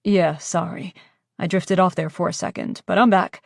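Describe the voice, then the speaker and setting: A woman reading the lines of a young man in an audiobook, apologetic and quick to reassure. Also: lowish voice, fairly even intonation, vocal fry, no echo. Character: tall young man, eager to please.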